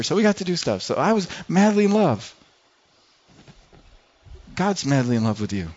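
A male pastor from Michigan delivering an earnest, conversational sermon in a voice a little higher than most men's. He drops to soft murmurs and then rises to loud declarations. The recording sounds dull and lo-fi. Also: very animated, moderate pace, long pauses. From Michigan, USA.

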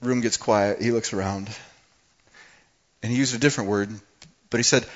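A man's voice: mid-range voice, fairly quick. Fiery man preaching a sermon, lo-fi. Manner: builds from quiet to fiery, emphatic preaching. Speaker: pastor.

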